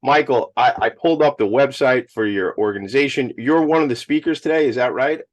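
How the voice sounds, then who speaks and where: A man's voice: medium pitch, fairly quick. A man hosting an interview, enthusiastic and effusive, getting emotional at times. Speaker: podcast host. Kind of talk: lively interview chat. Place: at a school event.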